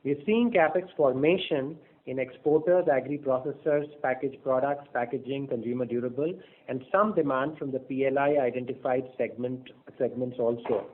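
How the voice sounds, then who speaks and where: Bank exec guy on a thin phone line, measured, lots of uh and you know. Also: medium pitch. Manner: measured, with frequent fillers and restarts. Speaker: bank executive on an earnings call. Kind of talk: business presentation on a conference call.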